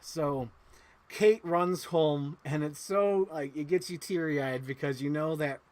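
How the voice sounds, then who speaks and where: A man casually recapping a movie on a livestream. He talks excitedly, swears freely and gets emotional. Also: a little high, a little slow.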